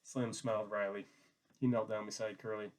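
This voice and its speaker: A man narrating a classic novel in a measured, steady reading voice that sits on the low side. He keeps the narration even and plain between the characters' lines. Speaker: audiobook reader. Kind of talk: novel read aloud.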